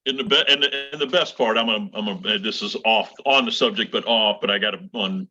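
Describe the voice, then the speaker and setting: A man's voice: fairly low pitch, a little fast, bright, forceful tone, highs cut off, soft background music. A middle-aged man, a college baseball coach, telling stories in casual chat with many restarts. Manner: rambling, many restarts and fillers.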